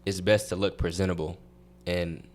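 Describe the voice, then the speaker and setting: A man's voice: low-pitched, flat delivery, normal speed. A young man, a college track athlete, chatting as a podcast guest and telling rambling stories with many restarts. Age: young adult. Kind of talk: casual interview chat.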